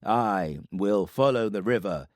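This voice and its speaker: A man voicing a brisk male scout in an audiobook, short and commanding. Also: on the low side, lively intonation, no echo, studio quality. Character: brisk male scout who knows the woods.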